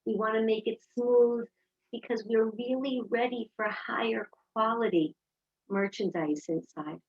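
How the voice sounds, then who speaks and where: Woman speaker, husky and fairly high, lively storyteller, dull lo-fi sound. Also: unhurried. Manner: animated storyteller acting out dialogue. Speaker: speaker giving a Torah talk. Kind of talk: inspirational talk with personal stories. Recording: dull lo-fi recording.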